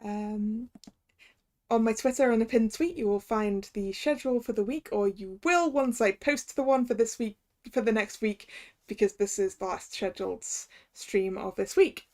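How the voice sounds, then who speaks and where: A woman's voice: fairly high pitch, moderate pace, darkish tone. A woman streamer chatting casually while playing through a game, reading its dialogue aloud. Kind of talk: casual game playthrough commentary.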